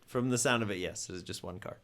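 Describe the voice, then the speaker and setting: A man narrating as game master of a tabletop game, playful and quick to laugh. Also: fairly low pitch, a bit bright. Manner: playful, laughs often, acts out characters.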